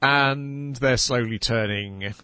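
Male podcast co-host, mid-pitch, hesitant wry delivery, dry recording. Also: slow pace, sharp tone, smooth, no echo. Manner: hesitant, filler-heavy, wry. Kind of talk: casual chat reviewing anime.

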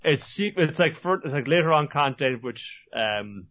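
A man's voice: a little high, lively intonation, normal speed, a bit bright. A man chatting on a podcast, hesitant and thinking aloud. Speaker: podcast co-host. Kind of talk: casual chat. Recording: muffled lo-fi audio.

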